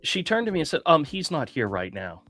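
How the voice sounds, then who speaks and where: A man hosting a casual talk show, telling a long story in an animated, indignant way. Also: on the high side, fairly quick, no echo, soft background music. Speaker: podcast host. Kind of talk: casual chat.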